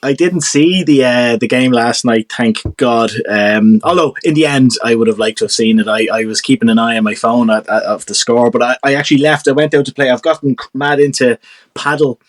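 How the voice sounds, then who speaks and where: A man's voice: mid-range voice, brisk, dry recording. Jokey male podcast guest, dry sound. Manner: jokey, upbeat, chuckling. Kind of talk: casual football podcast chat.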